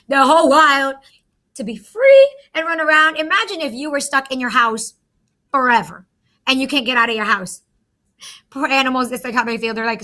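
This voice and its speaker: A woman's voice: a little high, bright, forceful tone. A woman teacher in a recorded math lesson, chatty and talking through each step aloud to her students.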